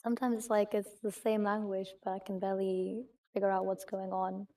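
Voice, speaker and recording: A woman's voice: mid-range voice, flat delivery, fairly quick, mellow. A woman chatting casually as a stream guest, in an easygoing, agreeable way. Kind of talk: casual chat.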